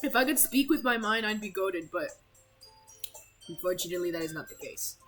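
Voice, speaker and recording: A woman's voice: medium pitch, animated, a little fast, long pauses, fairly bright tone, soft background music. A woman streamer chatting casually, joking around in a playful way with lots of slang. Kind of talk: casual chat.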